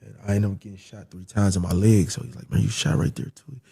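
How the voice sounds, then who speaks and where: A young man with a low, gravelly, husky voice tells a story in casual conversation. His tone is relaxed and dark, and he gets animated as he acts out the other voices and swears freely. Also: quick pace. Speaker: guest telling a story.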